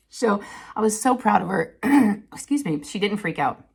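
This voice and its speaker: A woman, chatting casually to her viewers and telling an animated family story with frequent laughter. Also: measured pace, creaky, husky. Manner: chatty, animated, laughs often, quotes people in higher voices. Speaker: crafting channel host.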